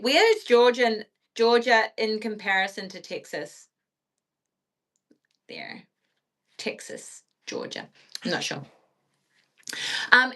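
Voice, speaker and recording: Woman cohost on a live stream, bright kinda sharp voice, rambly with loads of ums. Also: medium pitch. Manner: chatty, full of ums and uhs. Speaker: podcast co-host. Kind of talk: casual livestream chat.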